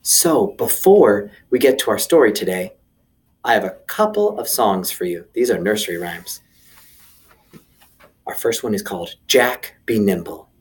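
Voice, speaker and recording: A man's voice: lowish voice, lively intonation, a little slow. A man hosts a video lesson for young children. His playful, enthusiastic voice swings widely up and down, and he talks directly to his viewers as he gets ready for songs and a story. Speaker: children's teacher.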